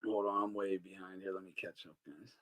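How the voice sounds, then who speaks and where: A man's voice: low-pitched, a little fast. A man hosting a boxing talk show, giving casual, profane, mocking commentary and answering his chat. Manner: animated, swearing, mocking, reading chat aloud.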